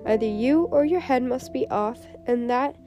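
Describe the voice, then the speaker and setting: A woman reading a bossy, quarrelsome queen who shouts her orders, with music behind. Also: fairly high pitch, normal speed, lightly acted. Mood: commanding. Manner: shouting, domineering. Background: background music.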